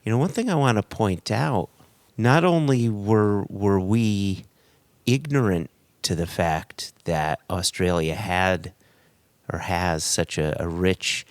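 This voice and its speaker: A man's voice: deep voice, takes it slowly, dry recording. A man from the US co-hosting a casual podcast, rambling and self-deprecating, laughing often between thoughts. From United States. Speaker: podcast co-host.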